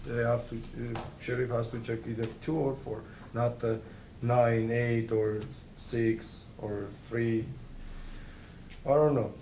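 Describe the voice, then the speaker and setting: A man speaking halting, hesitant non-native English as a player at a tournament game. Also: mid-range voice, level tone, warm tone. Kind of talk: game table speech. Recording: echoey noisy room.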